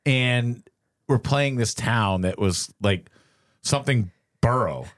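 A man's voice: medium pitch, slow, a bit bright, no room sound, studio quality. A man co-hosting a true crime podcast, telling stories casually, joking and acting out quotes. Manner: storytelling, acts out quotes, joking. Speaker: podcast co-host.

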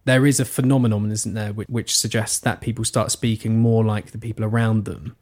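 A man's voice: fairly low pitch, little pitch movement, fairly quick, darkish tone. Rambling, thoughtful man from Suffolk. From Suffolk, England. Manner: thoughtful, rambling with many restarts. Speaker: podcast guest. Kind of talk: casual conversation.

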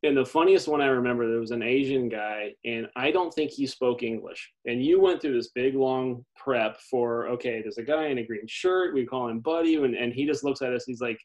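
A man guesting on a podcast, chatting casually and getting excitable and giggly as he tells a story. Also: mid-range voice, brisk, hardly any pauses, rough recording. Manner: excitable, laughs while telling stories. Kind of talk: casual chat.

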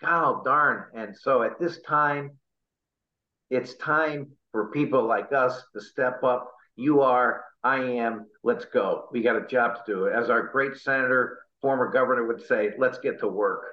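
A man's voice: mid-range voice, unhurried. Earnest middle-aged guy, fired up and a bit choked up, echoey room, kinda muffled. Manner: impassioned, patriotic, choked up at times. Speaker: interview guest, party chair candidate. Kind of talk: earnest political interview.

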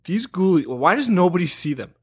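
A man's voice: sits high, big pitch swings, brisk, darkish tone, husky. A man co-hosting a podcast, in a casual movie-review chat, laughing and incredulous at the plot. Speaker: podcast co-host.

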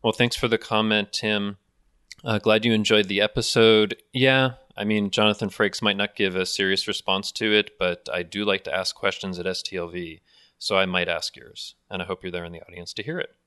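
A man co-hosting a casual podcast, chatting quickly and reading listener feedback aloud. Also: lowish voice, little pitch movement, sharp tone, clean tone, dry recording, studio quality. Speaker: podcast co-host.

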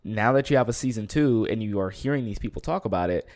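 A man co-hosting a casual chat, animated, laughing often and trailing off into fillers. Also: lowish voice, fast, no echo, clean studio sound. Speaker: co-host.

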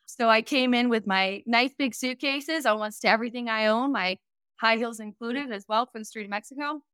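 Smooth-voiced young woman, chatty guest. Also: on the high side, normal speed, a bit bright, no room sound, studio quality. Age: 20s. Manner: chatty, candid, playful banter. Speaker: guest, vacation rental business owner. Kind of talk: casual podcast interview.

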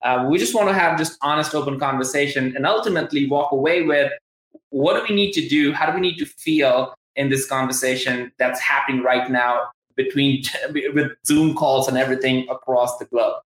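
Excitable male livestream host, roomy sound. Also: medium pitch, normal speed. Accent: Southern US. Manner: enthusiastic, rambling, many restarts. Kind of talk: live-streamed interview.

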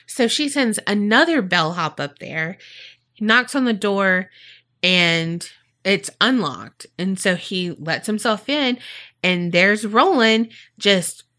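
Co-hosting a podcast, a woman with a medium-pitched, bright, forceful voice chats her way through a true-crime case. She swears freely and acts out quotes in funny voices for laughs.

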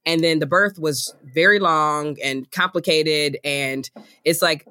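Bright-voiced woman guest, laughing chat. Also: sits low, a little slow, no echo. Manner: animated, laughing storyteller. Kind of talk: casual chat. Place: kitchen table.

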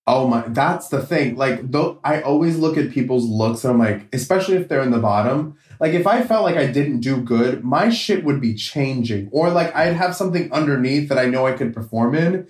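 A man's voice: medium pitch, animated, normal speed, hardly any pauses, a little mellow. A man chatting casually as a podcast guest, rambling with many fillers and frequent laughs. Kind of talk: casual chat. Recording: echoey room.

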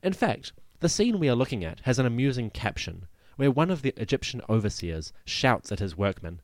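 A man hosting a history podcast, narrating from a script in a lively storytelling way with wry asides. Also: mid-range voice, a little fast, dry recording, clean studio sound.

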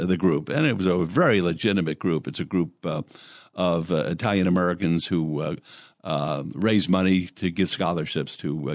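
An older man with a very deep voice, spinning long stories as an interview guest. He wanders through his tales, stopping often on "uh" and restarting his sentences. The sound is dry and close. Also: no echo. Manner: rambling anecdotes with many fillers and restarts. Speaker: interview guest, former lawyer and mayor. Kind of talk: storytelling in conversation.

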